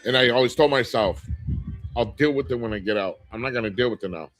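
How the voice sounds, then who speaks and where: A man's voice: medium pitch, quick pace, fairly bright tone, low-quality recording. A middle-aged man hosting a casual livestream, reading viewer comments aloud and talking candidly, rambling with fillers and restarts. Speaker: livestream host.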